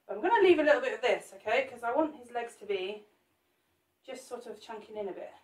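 A woman's voice: fairly high pitch, lively intonation, fast talker, distant mic. A woman chatting and joking with viewers as she demonstrates a cake sculpt live. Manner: chatty, jokey, talks to viewers while working. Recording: roomy echo, off the mic.

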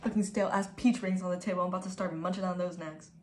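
Streaming from her home room, a woman in her twenties talks with viewers in a relaxed, foul-mouthed style, sometimes slipping into whispers. She speaks fast in a fairly low, steady, slightly mellow voice. The space sounds echoey, with faint ambience and a bit of background noise.

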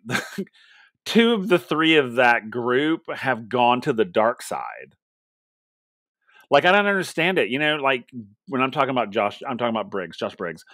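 A man's voice: mid-range voice, no room sound. Male podcast co-host, mid-range voice, exasperated rambling rant, dry close mic. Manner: frustrated, rambling, animated with restarts and mock quotes. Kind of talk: casual wrestling podcast rant.

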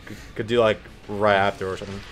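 Laid-back swearing gamer, lowish voice. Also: male voice, little pitch movement, fast talker, faint music behind. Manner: laid-back, swears freely, trails off with ums. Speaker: let's play host. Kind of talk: casual gameplay commentary.

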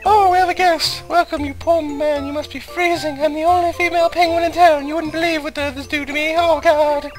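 A man voicing a prim female penguin housewife in a shrill falsetto, sweetly polite, during a game voice-over. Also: steady tone, brisk, hardly any pauses, faint music behind, low-quality recording. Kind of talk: let's play voice-over.

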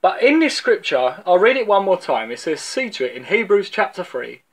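Higher-voiced London man preaching casually. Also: big pitch swings, normal speed. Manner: conversational storytelling, repeats words as he restarts. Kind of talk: informal video sermon.

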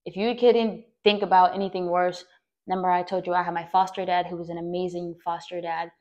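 A woman's voice: lowish voice, level tone, a little fast, darkish tone, dull audio. A young woman hosting a podcast, telling a personal story in a rambling way with many fillers. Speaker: podcast host.

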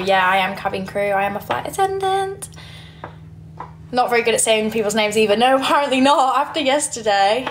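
Brief: giggly young Yorkshire woman, a bit high, phone livestream, faint noise. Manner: chatty, giggly, reads comments aloud. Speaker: livestreamer reading viewer comments. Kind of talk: casual livestream chat.

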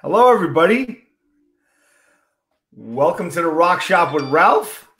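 High-voiced joking male host. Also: very animated, unhurried, a bit bright. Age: middle-aged. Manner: jokey, laughs often, teasing banter. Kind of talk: casual interview chat.

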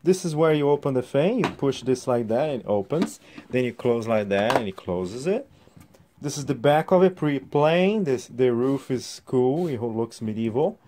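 A man's voice: medium pitch, lively intonation, normal speed, warm tone, a little hiss or hum. A man reviewing a toy set in a casual, chatty way, showing the pieces as he explains them.

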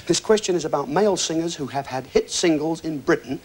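A man's voice: fairly high pitch, expressive, a little fast, slightly rough. A man hosting a television quiz show, reading questions and joking with contestants in a breezy, easygoing patter. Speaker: game show host. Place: television studio with audience.

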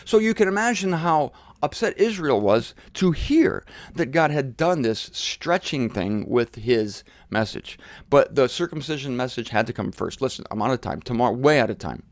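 A man delivering a solo Bible teaching with punchy emphasis and blunt, irreverent asides. His voice sits at an ordinary middle pitch and is recorded dry and close, with no room sound. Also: lively intonation, normal speed, no echo. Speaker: Bible teacher hosting a show.

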